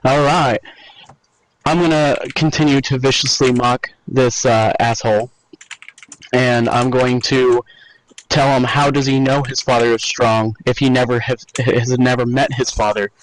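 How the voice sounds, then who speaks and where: A man's voice: medium pitch, fairly even intonation, a little slow, poor audio. A man playing a tabletop game over a voice call, describing his character's taunts with glee. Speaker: player. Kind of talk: casual tabletop game play.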